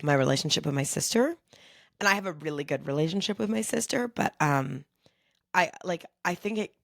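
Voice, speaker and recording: A middle-aged woman co-hosting a podcast, chatting casually and telling frank, animated stories with some swearing. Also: sits low, gravelly, dry recording, studio quality. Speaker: podcast co-host. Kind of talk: casual chat.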